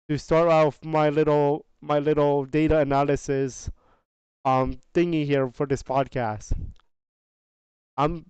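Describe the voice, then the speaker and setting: A man hosting a podcast, talking casually through game sales data in an unhurried, chatty way, often restarting his phrases and dropping slangy asides. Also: a little high, a little mellow, smooth, dry recording, lo-fi sound. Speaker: podcast host.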